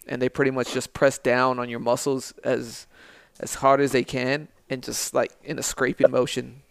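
A man hosts a podcast and keeps the chat laid-back and conversational. His voice is gravelly yet smooth and resonant. The recording is dry, with no room sound. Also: mid-range voice, little pitch movement, moderate pace, no echo. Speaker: podcast host. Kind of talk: casual chat.

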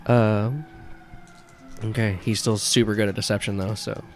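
Low, gravelly male game master. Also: flat delivery, normal speed, a little hiss or hum. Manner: laughs often, loose and rambling. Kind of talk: narrating a tabletop game.

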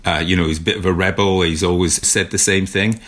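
British male author-guest, low voice, dry wit, political commentary. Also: steady tone, fast talker, fairly bright tone. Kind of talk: casual interview chat.

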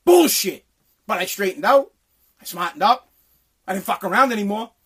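Guy ranting and cursing nonstop, husky voice, yells a lot. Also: high voice, brisk. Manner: profane, heated, often shouting. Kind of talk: angry political rant.

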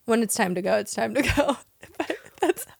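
A woman's voice: fairly high pitch, animated, moderate pace, gravelly, breathy edge, no echo, clean studio sound. A woman co-hosting a podcast in casual chat, telling blunt stories, laughing often and swearing freely. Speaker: podcast co-host.

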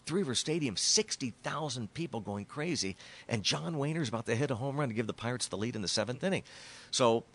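Animated middle-aged male sportscaster storytelling. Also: mid-range voice, a little fast. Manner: animated storyteller, repeats words when excited. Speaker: baseball broadcaster, guest. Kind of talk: storytelling interview.

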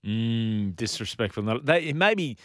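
A man co-hosting a radio show, joking and putting on quick voices. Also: medium pitch, animated, no room sound, clean studio sound. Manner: jokey, puts on quick voices. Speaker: radio host. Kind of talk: casual radio banter.

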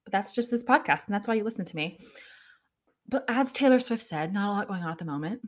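A woman's voice: mid-range voice, lively intonation, fast talker. A young woman hosting a casual solo podcast, chatting and ranting with exasperation, laughing often and swearing casually. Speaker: podcast host.

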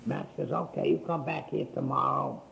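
A man's voice: mid-range voice, vocal fry, a bit bright, slight background noise, low-quality recording. An older man telling his life story in a folksy, rambling way, acting out what people said. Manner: folksy, unhurried, acts out quoted speech.

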